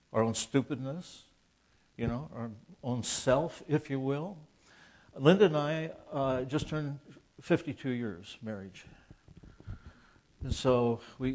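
A man's voice: medium pitch, darkish tone. A man in his seventies, a Christian author, gives an informal, conversational preaching talk. He rambles with restarts and asides, and he acts out quoted dialogue in an earnest, plainspoken way. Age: 70s.

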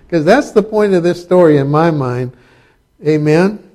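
A man's voice: a little high, expressive, unhurried, darkish tone. Joking, chatty preacher man. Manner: conversational preaching with asides and humor. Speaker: pastor. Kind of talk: sermon.

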